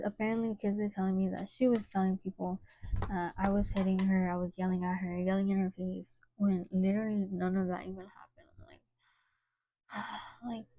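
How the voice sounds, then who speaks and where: A woman's voice: medium pitch, no echo, lo-fi sound. A woman in her twenties chatting casually as a vlogger, telling an exasperated storytime full of "like" asides.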